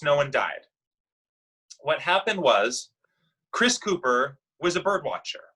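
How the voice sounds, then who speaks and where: A man's voice: medium pitch, sharp tone, poor audio. A man leading a class discussion, patiently telling a news story to children and asking them guiding questions. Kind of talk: explaining current events to children.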